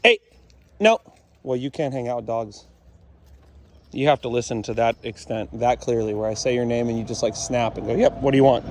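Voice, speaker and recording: A man with a middle-pitched voice explains dog training outdoors in a blunt, matter-of-fact way, repeating his points. Faint traffic hum sits behind him. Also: little pitch movement, brisk, a little mellow. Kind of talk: casual explanatory commentary while training.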